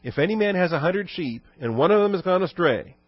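Pastor man, higher voice, dull dry audio. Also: lively intonation, no room sound. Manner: conversational teaching with rhetorical questions; reads scripture quotes slowly and low. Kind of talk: expository sermon.

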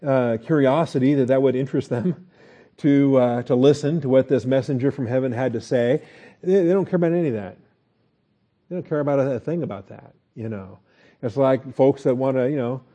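A man teaching a Bible lesson as a pastor, relaxed and folksy, with frequent fillers and chuckles. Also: mid-range voice, dull audio.

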